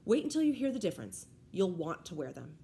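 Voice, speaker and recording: A woman's voice: lowish voice, sing-song, a little fast, vocal fry, dark tone, a little hiss or hum. A woman voicing a friendly, joking male ear doctor who reassures a child. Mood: reassuring. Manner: jokey, reassuring.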